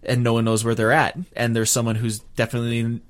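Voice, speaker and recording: A man's voice: mid-range voice, monotone, quick pace. A man co-hosting a casual film-discussion podcast, rambling with lots of fillers and casual swearing. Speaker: podcast co-host.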